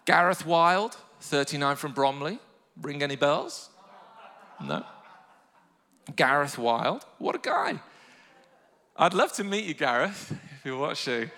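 A male pastor preaching with a high, bright voice. His delivery swings between quiet reflection and loud, fervent calls to the congregation, all carried on the long reverb of a church hall. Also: lively intonation, unhurried. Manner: passionate preaching, rising to shouted calls to the online congregation. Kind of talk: sermon.

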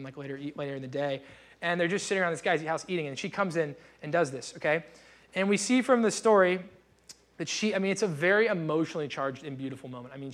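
Young male pastor, fairly high voice, chatty sermon delivery with animated asides. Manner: casual, conversational preaching with lively acted-out asides.

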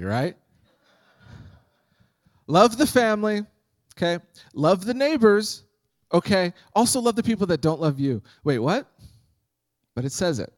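A man's voice: high-pitched, no echo. A man preaching a sermon as pastor, conversational and humorous, acting out Bible scenes.

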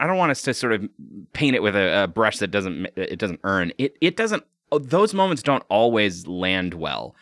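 A man hosting a casual podcast chat about a cartoon, animated and laughing, often restarting his sentences. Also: lowish voice, normal speed, no echo, studio quality.

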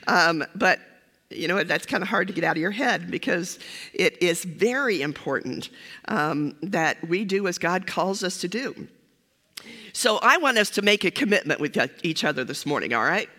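A woman's voice: on the low side, animated, moderate pace, pushed and bright. An older woman, a former pastor, giving a humorous sermon, chatty and self-deprecating with many fillers. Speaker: guest preacher, former pastor. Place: church sanctuary. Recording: church hall reverb.

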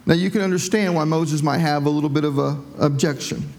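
Conversational preaching man, fairly high voice. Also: steady tone, brisk, a little mellow, slight background noise. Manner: conversational storytelling with folksy asides. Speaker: pastor. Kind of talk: sermon.

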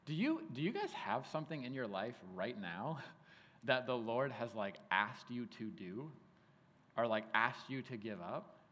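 A man in his thirties preaching a sermon in a casual, animated way, telling stories with lots of "like". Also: mid-range voice, measured pace. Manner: casual, animated storytelling with frequent "like". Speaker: pastor. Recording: hall reverb.

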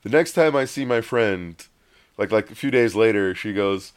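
A man telling a long story in casual chat, rambling and animated, often acting out what others said. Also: on the low side, moderate pace, clean tone. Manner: rambling, animated, acts out quoted voices.

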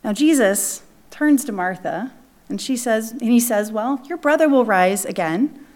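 A woman pastor preaching a sermon, acting out voices from the text and falling to a near whisper at its quiet moments. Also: a little high, measured pace. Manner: expressive, acts out the voices of the text, drops to a hush.

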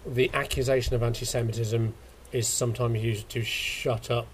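A man's voice: medium pitch, flat delivery, moderate pace, slight background noise. A man hosting a casual chat, explaining ideas plainly and swearing now and then. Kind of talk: casual conversation.

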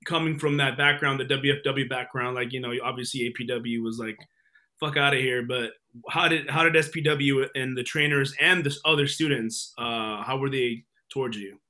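Male host, casual interviewer, sharp bright voice, mid pitch, loose and profane. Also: normal speed. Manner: relaxed, profane, asks loose questions. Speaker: podcast host.

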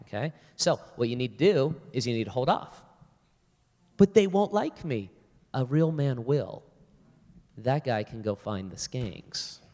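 Male pastor, animated storyteller, plays both sides of a dialogue, mid-pitched voice, long hall reverb. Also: unhurried. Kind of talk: church talk with storytelling. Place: church hall before a live audience.

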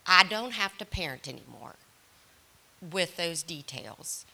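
A middle-aged mother on a parenting panel, telling a story in an animated way and acting out both her own lines and other people's. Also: fairly low pitch, a little slow, creaky, noisy background.

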